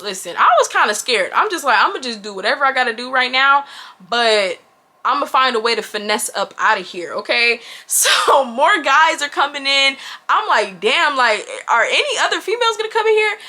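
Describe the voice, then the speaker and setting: A woman's voice: high voice, normal speed. A woman in her twenties telling a story to her viewers in a casual, chatty, slang-filled way. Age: 20s. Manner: chatty and animated, addresses viewers as y'all, slangy. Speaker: vlogger.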